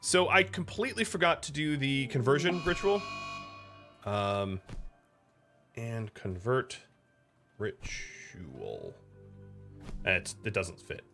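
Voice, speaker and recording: American man, casual game commentary, bright voice, lively swinging pitch, faint music behind. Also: normal speed. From United States. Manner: chatty, talks to chat and to his pet between game moves. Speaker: streamer.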